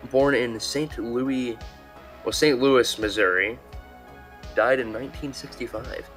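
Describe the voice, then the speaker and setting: A man's voice: mid-range voice, slow, fairly bright tone. A man co-hosting a casual podcast, reading historical dates in a laid-back way. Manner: laid-back, brief agreeing replies. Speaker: podcast co-host. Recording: faint music underneath. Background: music.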